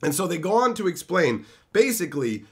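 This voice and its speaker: A man's voice: high-pitched, very animated, a little fast. A man hosting a fantasy lore channel, retelling a story conversationally with frequent tag questions.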